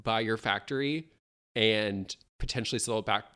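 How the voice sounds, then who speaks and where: A man co-hosting a podcast in casual chat, animated, laughing often and acting out what others said. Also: lowish voice, moderate pace. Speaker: podcast co-host.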